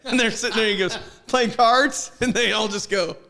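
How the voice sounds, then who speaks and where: Middle-aged guy with a high-ish voice, laughs a lot, does the voices when he tells a story. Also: quick pace, creaky, bright, forceful tone, slight background noise. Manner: laughs often, retells scenes with voices. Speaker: podcast co-host. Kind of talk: casual chat.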